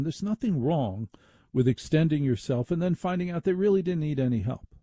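A man's voice: on the high side, expressive, moderate pace, mellow, no echo. A man hosting a talk radio show, delivering an opinionated, indignant and sardonic monologue into a studio microphone.

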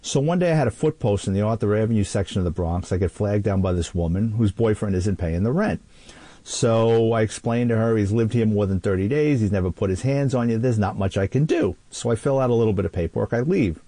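A man who served as a police officer, telling an animated anecdote and acting out voices in the quotes. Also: lowish voice, a little fast, no room sound. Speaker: retired police officer and author. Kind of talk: storytelling anecdote.

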